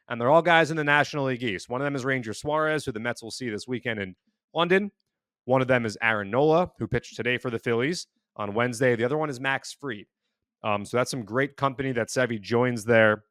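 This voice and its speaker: A man hosting a casual sports podcast, recapping numbers in a steady, measured way. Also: mid-range voice, no echo, studio quality. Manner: steady, stat-heavy recapping. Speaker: podcast host.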